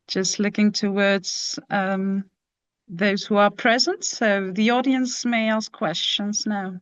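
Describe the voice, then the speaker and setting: A woman moderating an online seminar over a video call, speaking in a halting way with frequent pauses. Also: mid-range voice, steady tone, dry recording, dull audio.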